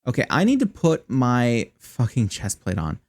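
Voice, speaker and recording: A man talks through his game in casual commentary, wry and chatty, his pitch bouncing around a lot. He swears now and then when things go wrong and sits close to his desk mic, which runs through a voice changer app. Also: wildly swooping pitch, normal speed. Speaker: streamer.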